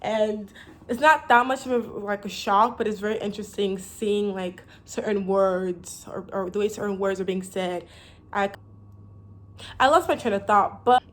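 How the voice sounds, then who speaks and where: A young woman with an American accent chats to her camera in a loose, rambling way. She fills her talk with likes and false starts and laughs easily. Her voice sits at an ordinary middle pitch. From United States. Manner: chatty and rambling, with many likes and restarts, laughs often. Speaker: vlogger.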